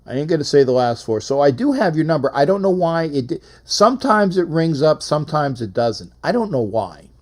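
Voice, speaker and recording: A man's voice: a little high, very animated, a little fast, hardly any pauses. A man hosting a casual live call-in sports show, rambling and repetitive as he reads out phone numbers.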